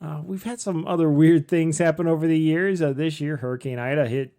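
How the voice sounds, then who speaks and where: A man's voice: a little high, fairly even intonation, a little fast, warm tone. Middle-aged male podcast host, joking and rambling, plenty of uhs. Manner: rambling, joking, many fillers. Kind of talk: casual podcast chat.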